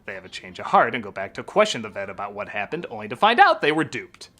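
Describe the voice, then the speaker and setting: A male critic narrating a comedic movie review with sarcastic, animated asides. His pitch swings wildly, and his tone is bright and sharp. Faint music plays underneath. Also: fast. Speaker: film critic.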